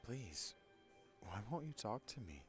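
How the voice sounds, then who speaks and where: Game figure: young treasure hunter, put-on Southern drawl, soft and pleading, as a man plays him, low voice. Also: sing-song, measured pace, soft background music.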